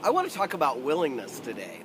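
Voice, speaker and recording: A man's voice: on the high side, huge pitch swings, quick pace, noisy background. A middle-aged man, a life coach, speaking straight to camera in an earnest, encouraging way and telling stories with animation. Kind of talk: direct-to-camera coaching talk.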